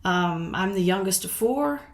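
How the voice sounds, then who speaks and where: A woman's voice: mid-range voice, animated, unhurried. A middle-aged woman from the United States talking casually to camera as a vlogger, frank and indignant, swearing freely and laughing between points.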